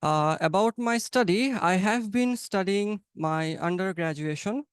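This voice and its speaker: A man's voice: high-pitched, a little slow, clean tone, dry recording, studio quality. A young man from Bangladesh with a Bangladeshi accent, hosting an online English practice class in a chatty, encouraging way over a video call. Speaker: English conversation practice host. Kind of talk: casual online class talk. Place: home, online webinar.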